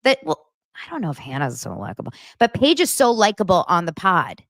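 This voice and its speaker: A woman's voice: on the low side, big pitch swings, a little fast, a bit bright, dry recording. A young woman hosting a podcast, chatting casually and retelling reality-show scenes with lots of fillers. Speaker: podcast host. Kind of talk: casual pop-culture chat.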